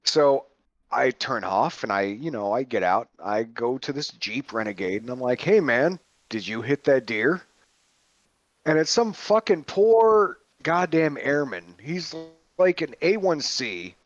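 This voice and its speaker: A man's voice: mid-range voice, measured pace, no room sound. A man hosting a podcast, telling a story in a casual way, swearing a lot and stumbling over his words, on dull lo-fi audio. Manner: animated, profane, full of restarts. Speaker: podcast host.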